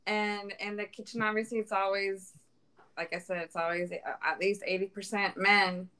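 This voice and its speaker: A woman's voice: medium pitch, normal speed, smooth. A woman talking animatedly in a casual chat, slipping into Spanish phrases. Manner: animated, code-switches into Spanish.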